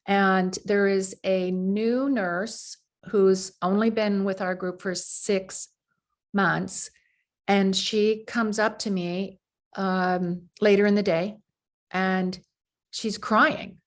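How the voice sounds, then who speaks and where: A woman's voice: mid-range voice, steady tone, takes it slowly. A woman surgeon, interviewed as a guest, telling workplace anecdotes in a loose, conversational way, full of fillers and restarts. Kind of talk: conversational storytelling.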